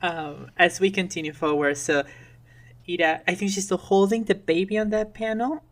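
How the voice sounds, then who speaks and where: A woman with a fairly low voice talks through a comic chapter on a podcast. She is chatty and slips into characters' lines as she retells the scene. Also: steady tone, moderate pace. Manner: chatty, acts out characters' lines while telling. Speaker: podcast guest. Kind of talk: casual chat, recapping a comic.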